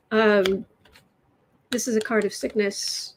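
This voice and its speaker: A woman hosts a tarot livestream in an unhurried, stop-and-start way, her voice sitting a little high. She is sarcastic and laughs often as she talks. Cards shuffle faintly behind her. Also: fairly even intonation, slight background noise, rough recording. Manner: sarcastic, laughs often, speaks haltingly with restarts. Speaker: political tarot livestream host. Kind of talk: casual livestream chat with tarot reading.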